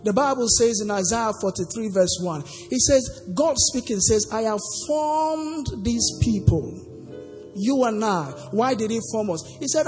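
A man's voice: high-pitched, a little mellow. A man preaching a sermon, asking the congregation to finish the verses with him. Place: church sanctuary. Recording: long hall reverb with faint music.

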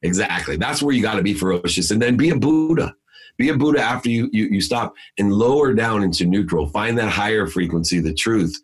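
A man's voice: fairly low pitch, fairly quick, husky. A middle-aged man, a guest speaker, telling a motivational story in an emphatic, preachy way that repeats key words.

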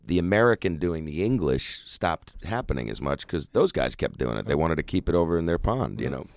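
A man's voice: a bass voice, very animated, fairly quick, vocal fry, no room sound. A man talking about his past as a guest in a casual interview, rambling with many restarts. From Southern California. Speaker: guest actor.

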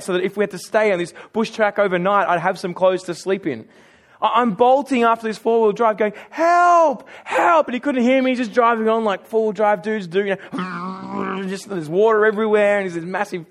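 A man with an Australian accent preaching a sermon, telling personal stories in a chatty, self-mocking way. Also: sits high. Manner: conversational storytelling with self-mocking humor.

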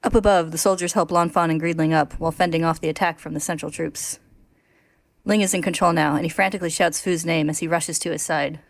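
A woman's voice: deep voice, fairly even intonation, fast talker, no echo. A woman co-hosting a podcast, chatting and laughing, then reading aloud a story summary. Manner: laughs often, reads steadily. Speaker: podcast co-host reading a recap. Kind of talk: casual chat and read-aloud story summary.

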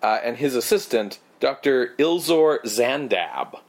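A man with a medium-pitched voice and lively intonation talks unhurriedly while co-hosting a podcast. The casual movie recap meanders, with plenty of fillers and sarcastic asides.

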